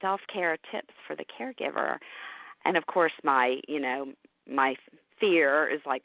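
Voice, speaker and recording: A woman's voice: low voice, measured pace, gravelly, no room sound. A middle-aged woman speaking candidly and emotionally in an interview chat. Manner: emotional, candid, animated storytelling with laughs. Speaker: podcast host and caregiver guest. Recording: tinny phone-line audio, dry.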